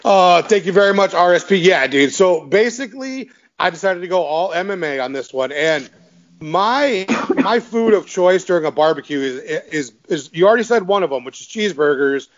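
A man's voice: high-pitched, lively intonation, moderate pace, highs cut off. A man hosting a podcast in casual chat, talking with enthusiasm, laughing often and repeating words as he goes. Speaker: podcast host.

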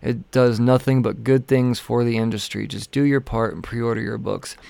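A man's voice: mid-range voice, fairly even intonation, normal speed, gravelly, mellow, no room sound. A man hosting a comic book podcast on his own, talking loosely and profanely as he rambles through the week's releases between sips of vodka. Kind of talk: casual solo podcast rundown.

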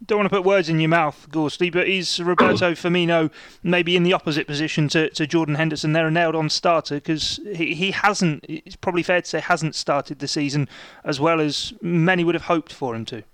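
A man hosting a football podcast, briskly putting leading questions to his guests. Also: a little high, steady tone, a bit bright, clear, resonant tone, no echo. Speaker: podcast host. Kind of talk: casual podcast chat.

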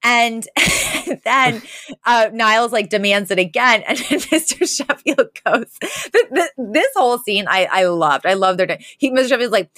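A woman's voice: fairly high pitch, animated, unhurried, pushed and bright, dry recording, clean studio sound. A young woman co-hosting a podcast in casual chat, retelling scenes with lots of laughs and fillers. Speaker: podcast co-host.

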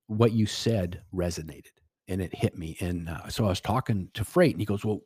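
A man's voice: deep voice, moderate pace, darkish tone, slightly rough, dry recording, studio quality. A middle-aged man telling a personal story as a podcast guest, rambling with restarts and quoted dialogue. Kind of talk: casual storytelling.

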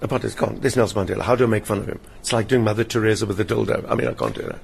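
An older male satirist and performer, a guest in an interview, speaks very fast in a fairly low, creaky voice. He tells lively, theatrical anecdotes, mimicking the people in them, in a hotel lounge with faint room noise.

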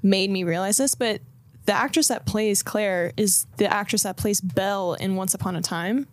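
A woman's voice: mid-range voice, normal speed, dry recording. Chatty woman on a dry close mic. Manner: chatty, laughs often, acts out quotes. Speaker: podcast co-host. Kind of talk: casual recap chat.

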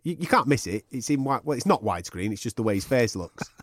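A man's voice: mid-range voice, sing-song, fast, no room sound, clean studio sound. A man hosting a podcast, chatting casually in a jokey, teasing way and swearing freely. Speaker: podcast host. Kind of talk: casual banter.

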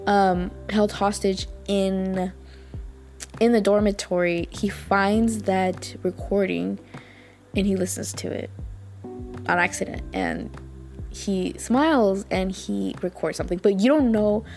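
Gushing woman with a gravelly edge. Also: mid-range voice, steady tone, slow pace, a little mellow, soft background music. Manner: gushing and chatty, with many fillers. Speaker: podcast host. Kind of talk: casual chat.

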